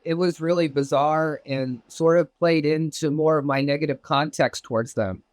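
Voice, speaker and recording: A man from Southern California spins a personal story for an interviewer, loose and profane, leaping up in pitch whenever he acts out what someone said. His voice sits a little high, and the recording is dry and close with no room sound. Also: moderate pace, no room sound. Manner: animated, profane, acts out quoted exchanges with big pitch jumps. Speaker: interview guest recounting a UFO experience. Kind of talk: casual storytelling.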